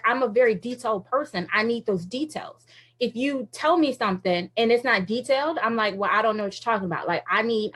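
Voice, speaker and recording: Woman, fairly high voice, casual faith talk, animated, laughs often, lots of fillers. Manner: chatty, animated storytelling with frequent laughs; uses many fillers like "like" and "you know". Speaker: radio host and speaker.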